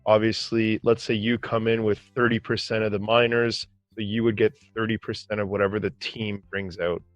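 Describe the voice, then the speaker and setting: A man hosting a casual interview, speaking relaxed with many fillers. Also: lowish voice, normal speed, dry recording. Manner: relaxed, uses fillers and frequent "you know". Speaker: podcast host. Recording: dry, dull lo-fi audio with faint music.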